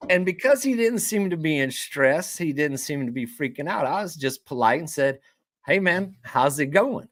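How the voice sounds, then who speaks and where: Middle-aged fishing guide, animated yarn-spinner, dry close sound. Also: male voice, a little high, normal speed, no echo. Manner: animated storyteller who acts out quoted dialogue. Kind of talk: casual storytelling.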